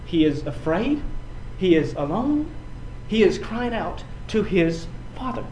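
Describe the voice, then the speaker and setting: A man preaching a sermon, building from quiet passages to loud, emphatic runs and often repeating his words. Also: high voice, big pitch swings, slow, a little hiss or hum, low-quality recording. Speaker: pastor.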